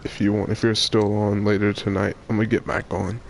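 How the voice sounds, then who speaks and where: A male streamer talks casually with friends while he plays. His voice sits on the low side and he stumbles over his words as he thinks. Faint noise runs underneath. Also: flat delivery, fairly quick, vocal fry. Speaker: streamer playing a game. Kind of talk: casual gaming chat.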